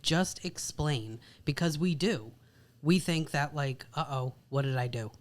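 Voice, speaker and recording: Her voice is bass-deep and her pace moderate as she co-hosts a podcast about marriage. The conversation is casual and chatty, sprinkled with "like" and "literally."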